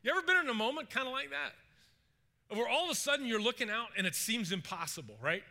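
Pastor, male, bright lively voice with a high, swinging pitch; storytelling sermon, acts out characters and quizzes the room. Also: fast talker, creaky. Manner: animated storytelling, acts out characters' panic, asks the congregation questions.

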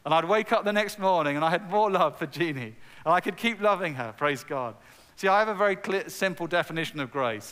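A man's voice: high-pitched, lively intonation, brisk, a bit bright. A middle-aged man preaching a sermon, telling a personal story in an earnest way and repeating words as he builds to emphatic peaks. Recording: long hall reverb.

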